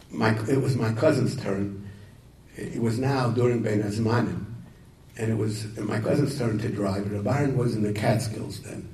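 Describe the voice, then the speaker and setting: A man telling a story and talking to yeshiva students, halting and repeating words, with Yiddish and Hebrew terms. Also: medium pitch, dark tone. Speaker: speaker addressing yeshiva students. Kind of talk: informal talk to students, storytelling. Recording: echoey room, voice from far off, faint noise.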